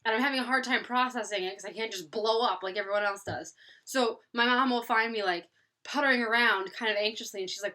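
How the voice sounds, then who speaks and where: Young woman, book vlogger, casual monologue; slightly high voice, animated, rambling delivery. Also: fast talker. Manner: animated, rambling, acts out gasps and quotes.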